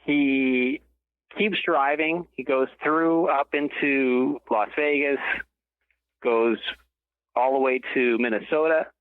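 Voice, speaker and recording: A man's voice: medium pitch, fairly even intonation, slow, dry recording. A man, a guest author on an interview show, tells a long story and often stops to correct himself mid-sentence. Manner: rambling, self-correcting storyteller. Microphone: telephone. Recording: tinny dry phone line.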